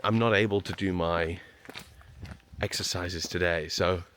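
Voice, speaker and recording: Slight background noise sits under a travel vlogger's deep, steady, unhurried voice with a fairly bright tone. He's out of breath and self-mocking as he walks a hillside trail and road up to a shrine, chatting to his camera outdoors.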